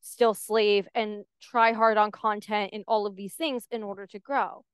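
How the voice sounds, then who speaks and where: A woman's voice: medium pitch, measured pace, clear, resonant tone, no echo, studio quality. A woman hosting her own podcast, talking candidly and animatedly in a casual solo monologue and often saying "like". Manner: candid and animated, heavy use of "like". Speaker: podcast host.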